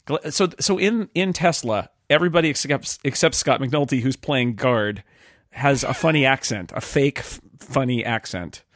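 A man with a mid-range voice, recorded dry and close. He hosts a casual chat and tells stories fast with many laughs. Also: mid-range voice, a bit bright, dry recording. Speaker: podcast host.

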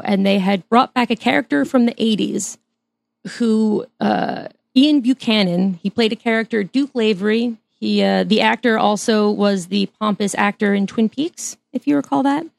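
A woman's voice: medium pitch, normal speed, creaky, a little mellow, no echo. A woman chatting as a podcast guest, talking eagerly and laughing often as she restarts her sentences. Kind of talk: casual interview chat.

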